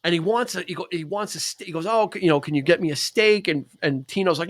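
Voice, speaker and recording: A man's voice: high-pitched, a little fast. A man co-hosting a casual podcast chat, retelling movie scenes with laughter. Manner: animated, acts out movie quotes with laughter. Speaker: podcast co-host.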